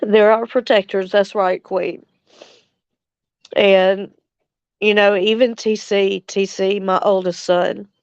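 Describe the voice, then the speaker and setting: An older woman from Louisiana hosting a casual livestream chat, speaking slowly and tenderly with soft chuckles, tearful at times. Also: mid-range voice, fairly even intonation, clear, resonant tone, dry recording, highs cut off. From Louisiana, USA. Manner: slow, tender, chuckling between lines. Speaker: livestream host.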